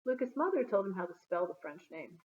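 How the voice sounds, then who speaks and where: A woman reading a children's chapter book aloud in an expressive, storytelling manner. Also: on the low side, brisk. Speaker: storybook reader. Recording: phone-like narrow sound.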